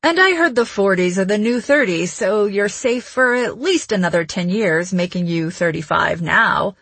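A woman's voice: mid-range voice, expressive, normal speed, a bit bright, breathy edge, dry recording. A woman voicing a charming, flirtatious man at a party, teasing and easygoing in an audiobook reading. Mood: flirty.

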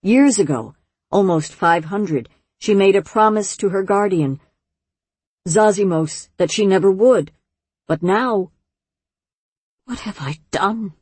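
Woman audiobook narrator, low breathy voice, calm measured storytelling, dry studio sound. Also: dry recording. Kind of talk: scripted narration.

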